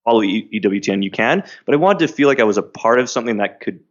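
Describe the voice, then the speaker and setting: A man speaking as a podcast guest, earnest and quick to laugh. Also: mid-range voice, animated, lo-fi sound. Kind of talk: casual interview.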